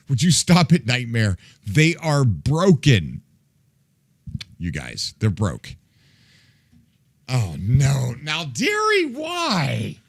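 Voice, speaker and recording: In a casual livestream with his viewers, a man speaks very slowly in a mid-range, gravelly, husky voice with huge pitch swings and frequent pauses, recorded without echo. Playful and laughing often, he makes silly mouth noises and pretends to be fed up with the chat.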